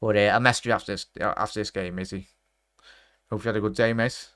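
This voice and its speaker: A man's voice: fairly low pitch, steady tone, fast, a bit bright, no echo, clean studio sound. A young man in his twenties from England, hosting a live football watchalong stream, chatting with viewers, reading out their messages and commenting on the match. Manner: chatty, reads out viewer messages, calls everyone mate.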